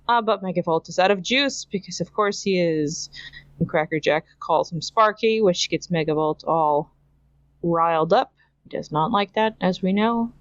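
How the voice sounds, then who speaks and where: A woman from Canada, with a fairly low voice and a moderate pace, hosts a podcast where she casually recaps a cartoon episode. She's chatty, laughs a lot, and mimics characters when quoting them, all on a dry, lo-fi recording.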